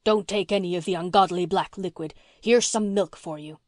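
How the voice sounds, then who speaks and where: A woman voicing a blustering, gruff old farmer man in an audiobook, bossy and teasing, repeating himself as he talks. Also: lowish voice, normal speed, no room sound, clean studio sound, natural voice. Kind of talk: audiobook reading.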